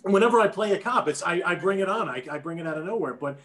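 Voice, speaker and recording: Jersey actor guy, thinks out loud, restarts a lot, echoey room. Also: high voice, expressive, fast. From New Jersey. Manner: thoughtful, stumbles over restarts. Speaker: actor, guest. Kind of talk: casual chat.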